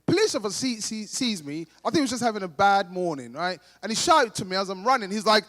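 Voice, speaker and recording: A man's voice: high-pitched, sing-song, fast talker, hardly any pauses, fairly bright tone. A young man with a London accent doing a chatty stand-up set, talking straight to the crowd and acting out the people in his stories. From Britain. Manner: chatty, addresses the crowd directly, acts out quoted voices. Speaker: stand-up comedian. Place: large hall at a gala dinner. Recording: live hall with long reverb.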